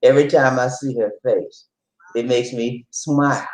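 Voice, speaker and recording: A woman hosting a casual chat, telling a story in an animated way with laughter. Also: rumbling low, normal speed, poor audio. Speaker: host.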